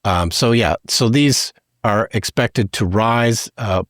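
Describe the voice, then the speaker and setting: Canadian guy, podcast host, lowish voice, easygoing news rundown, dead dry mic. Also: slow pace, dry recording. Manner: relaxed, reads news with many fillers. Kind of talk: casual news discussion.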